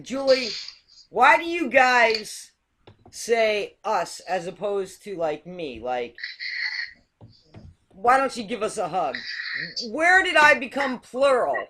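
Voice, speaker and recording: A woman's voice: a little high, big pitch swings, takes it slowly, pauses often, bright, forceful tone, a little hiss or hum. A woman hosting a casual chat show, asking curious, rambling questions. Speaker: host.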